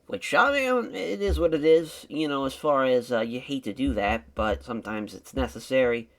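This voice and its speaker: A man talks through his game in a loose, rambling way. His pitch jumps all over the place as he chats. It sounds like relaxed commentary from a channel host. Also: moderate pace, few pauses. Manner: rambling and conversational, with lively swings in pitch. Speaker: host of a wrestling sim let's-play channel.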